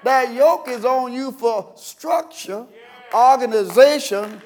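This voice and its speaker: Pastor guy with a really high voice, folksy preaching, chuckles and hollers here and there. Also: slow. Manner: folksy preaching with sudden shouted bursts and chuckles. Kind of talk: sermon.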